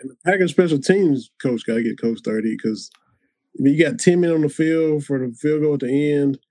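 Mellow husky man, blunt remarks. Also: a little high, brisk, no echo. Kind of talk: casual sports chat.

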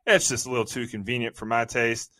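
A man's voice: mid-range voice, flat delivery, quick pace, sharp tone, no echo. Male podcast co-host, mid-range voice, profane exasperated ranting, dry close mic. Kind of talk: casual movie review chat.

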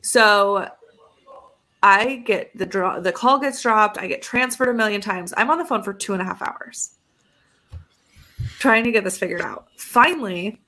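A woman's voice: medium pitch, a little slow, pauses often. Young woman telling a story, acting out calls. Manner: animated, acts out both sides of phone calls. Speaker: podcast co-host. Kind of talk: casual storytelling chat.

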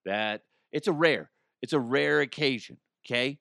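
A man's voice: mid-range voice, moderate pace, gravelly, a bit bright, slight background noise. A man hosting a podcast, ranting in a crude, rambling comedic monologue and often laughing. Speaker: podcast host.

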